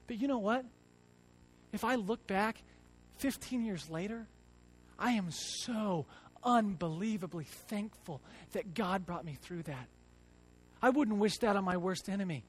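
A man in his thirties delivers a sermon in a church, his voice strikingly high. He talks earnestly, rising to loud emphasis and then dropping to hushed reflection, often repeating words. The sound is close and dry. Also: no echo. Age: 30s. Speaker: church teacher. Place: church, before a congregation.

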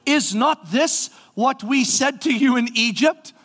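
A man preaching a sermon, animated, acting out the people's voices and rising to shouts. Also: very high-pitched, measured pace. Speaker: pastor.

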